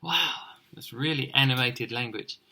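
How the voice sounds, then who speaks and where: A male teacher reading a picture book aloud to children, expressive and encouraging as he points things out. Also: medium pitch, a little slow, vocal fry.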